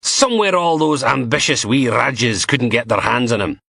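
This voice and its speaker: A man's voice: mid-range voice, animated, normal speed, vocal fry, sharp tone, no echo, voice pushed up, heavily acted. A man doing a sardonic Scottish police inspector woman. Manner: dry, sardonic and blunt. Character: blunt, chain-smoking middle-aged female police inspector.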